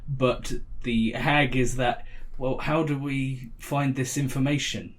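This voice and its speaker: An easygoing man in a casual group discussion jokes as he speaks. His voice sits at an ordinary middle pitch for a man. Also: steady tone, takes it slowly. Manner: easygoing, joking. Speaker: podcast co-host.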